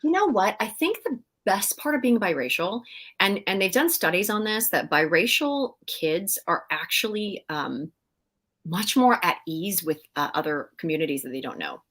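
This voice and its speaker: A middle-aged woman, a guest in a casual interview, telling animated stories with frequent laughs and fillers. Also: mid-range voice, moderate pace. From Canada. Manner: animated storyteller, laughs often, many fillers. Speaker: guest actress.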